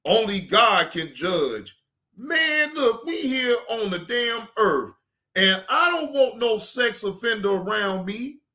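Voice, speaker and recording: A man hosting a casual reaction stream, ranting in an animated, emphatic and joking way. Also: extremely high pitch, takes it slowly. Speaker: streamer host.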